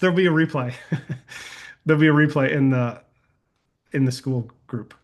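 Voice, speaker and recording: A man hosting a live question-and-answer call, coaching attendees in a folksy, energetic way and telling anecdotes. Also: a little high, normal speed, long pauses. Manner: energetic and folksy, uses "y'all", tells anecdotes. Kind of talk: casual webinar Q&A.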